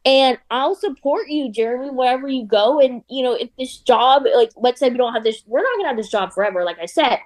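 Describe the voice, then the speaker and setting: A young woman chatting casually as a show guest, talking fast and loose with lots of "like" and frequent laughter. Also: sits high, lively intonation. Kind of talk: casual chat.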